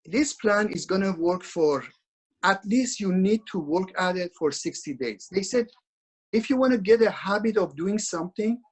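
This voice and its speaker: Husky-voiced man giving a talk over a video call. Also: high-pitched, expressive, normal speed, poor audio. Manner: earnest, repetitive instructing with frequent restarts. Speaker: webinar speaker for realtors.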